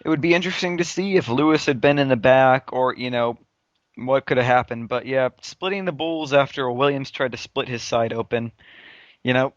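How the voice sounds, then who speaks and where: A man's voice: medium pitch, normal speed, no room sound. A man co-hosting a podcast in casual chat, talking through details in an analytical way, with plenty of fillers. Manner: chatty, analytical, uses many fillers. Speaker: podcast co-host. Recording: dry, dull lo-fi sound.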